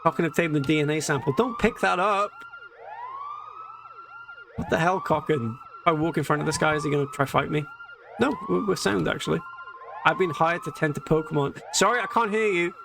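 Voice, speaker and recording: A man's voice: a little high, fairly quick, creaky, long pauses, noisy background. A man chatting and joking while streaming a video game, reading its text aloud. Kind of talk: casual live-stream gameplay chat. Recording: game music and siren alarm behind.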